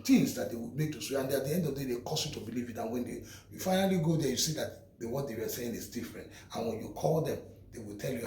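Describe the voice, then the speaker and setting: A man's voice: medium pitch, lively intonation, quick pace, a little mellow. A man vlogger giving earnest, repetitive advice to his viewers in a casual talk. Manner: earnest, preachy, repeats himself. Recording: roomy, from a distance.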